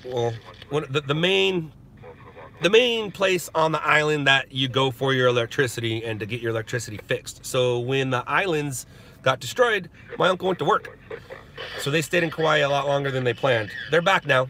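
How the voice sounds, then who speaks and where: A man's voice: medium pitch, moderate pace, bright, forceful tone, a little hiss or hum. A middle-aged man from Southern California hosting a casual live stream, chatting and laughing as he answers viewers. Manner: rambling, chatty, laughs often. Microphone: phone.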